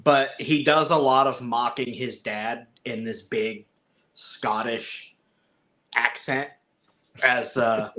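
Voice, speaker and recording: Bright-toned man in casual chat. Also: mid-range voice, fairly even intonation, slow pace. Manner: rambling, chuckling, acts out quotes in little voices. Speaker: podcast co-host reviewing a film.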